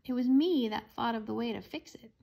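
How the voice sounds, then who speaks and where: A woman's voice: a little high, brisk, gravelly, mellow. A woman reading aloud, voicing an earnest young girl who loves animals.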